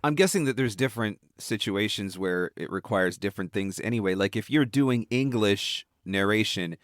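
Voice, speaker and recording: Deep voiced guy hosting a podcast, talks it through as he asks, dry close mic. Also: moderate pace, no room sound. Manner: conversational, thinks aloud while asking questions. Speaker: podcast host. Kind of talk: casual interview chat.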